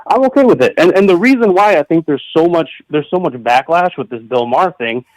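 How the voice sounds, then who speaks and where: Guy calling in, talks fast, somewhat high voice, defensive, dry sound. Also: expressive, darkish tone, dry recording, rough recording. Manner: defensive, keeps trying to finish his point. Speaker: caller. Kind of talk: live call-in debate.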